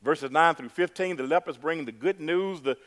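A man's voice: on the high side, moderate pace, fairly bright tone, in a large hall. A man preaching a sermon, repeating words for emphasis and calling the congregation "y'all".

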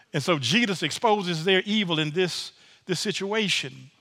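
High, lively preacher in a big echoing hall. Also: male voice, unhurried. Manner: lively, folksy preaching with many repeated words. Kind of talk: sermon. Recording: long reverb of a large room.

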